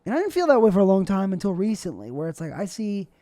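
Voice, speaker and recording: Young male host, mellow warm voice, dry close sound, rambling and self-mocking monologue. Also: high-pitched, big pitch swings, quick pace, dry recording. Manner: rambling, self-deprecating, jokey. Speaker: show host. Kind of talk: casual solo vlog monologue. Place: indoors at home, his bedroom.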